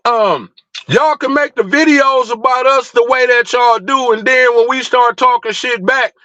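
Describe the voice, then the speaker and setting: A man's voice: very high-pitched, measured pace, sharp tone, dry recording, lo-fi sound. A man hosting a livestream, ranting in a fired-up, blunt and profane way, full of rhetorical questions. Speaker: livestream host. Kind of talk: heated livestream rant.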